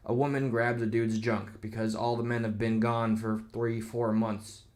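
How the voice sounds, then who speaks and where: Here a video commentator rambles on camera in a casual reaction rant, his mid-range voice flat and somewhat dark at a normal speed. Sarcastic asides fill the talk, his register stays ordinary, and at times he pauses to read comments in a mocking tone.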